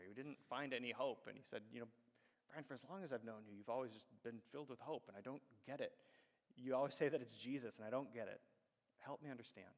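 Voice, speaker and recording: Casting note: male pastor, storytelling sermon, ringing church reverb. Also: mid-range voice. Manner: conversational storytelling, acts out quoted voices. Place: church sanctuary.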